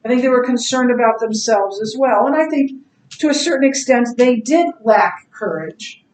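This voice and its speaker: A middle-aged woman teaching a Bible class in a casual, animated way, telling stories and laughing easily. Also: a little high, moderate pace. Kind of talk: casual classroom lecture with anecdotes. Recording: echoey classroom, distant mic.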